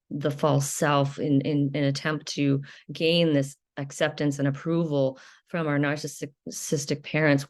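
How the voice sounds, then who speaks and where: A woman's voice: low voice, darkish tone. A woman hosting a reflective solo talk, speaking hesitantly with frequent ums and restarts. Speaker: podcast host.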